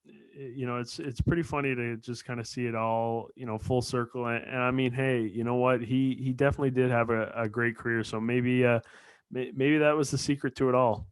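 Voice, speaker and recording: A man's voice: medium pitch, fairly even intonation, fairly quick, smooth, no echo. A man from Newfoundland hosting a podcast interview, chatty and hesitant with many fillers. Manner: friendly, filler-heavy, hesitant. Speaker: podcast host. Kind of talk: casual interview.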